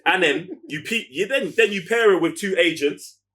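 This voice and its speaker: A man talks in a casual podcast chat. His voice sits a little high and swings up and down with animated energy. He keeps repeating words to drive his points home. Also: moderate pace. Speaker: podcast co-host.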